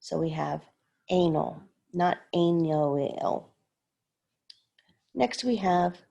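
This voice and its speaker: Slow-talking woman with a gravelly, husky voice. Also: lowish voice, dark tone, highs cut off. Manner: careful, sounds out words syllable by syllable. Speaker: teacher. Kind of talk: slow recorded lesson walkthrough.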